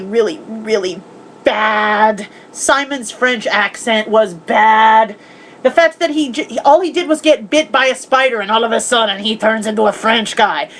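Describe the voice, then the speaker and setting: A woman's voice: a little high, a little hiss or hum, rough recording. A woman chatting casually in a home vlog, recapping movies, swearing freely and acting out the characters' lines. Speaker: vlogger.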